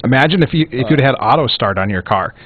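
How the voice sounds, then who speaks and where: A man from North Dakota fires off quick wisecracks in talk-radio banter, and his pitch rises and falls a great deal. The sound is narrow, like a phone line. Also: animated, a crowd in the background. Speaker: radio show co-host.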